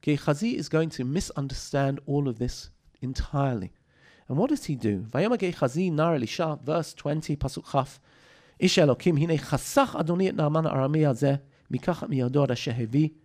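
A man with a fairly high voice leads a text study class. He reads lines of scripture aloud, then unpacks them with quick rhetorical questions. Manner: animated, reads Hebrew verses and explains them, asks rhetorical questions. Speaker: Bible teacher.

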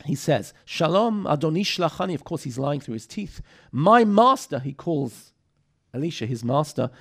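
A man's voice: medium pitch, very animated, moderate pace, gravelly, fairly bright tone, husky. A man teaching a text study lesson, reading verses aloud and explaining them with rhetorical questions. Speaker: Bible teacher.

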